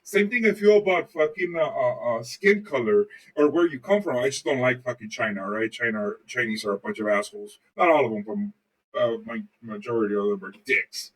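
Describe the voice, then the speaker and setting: A medium-pitched man talks briskly and animatedly, recorded from a distance on a low-quality setup. He co-hosts a podcast and fills the casual chat with loose stories full of swearing.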